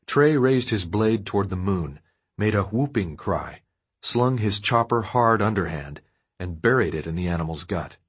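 A man narrates a dark, violent story in a steady, measured audiobook reading. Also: on the low side, husky. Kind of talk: scripted narration of dark fiction.

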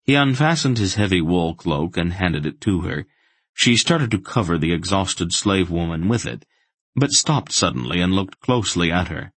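A man narrating a fantasy audiobook in a calm, even reading. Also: low-pitched, moderate pace, no echo.

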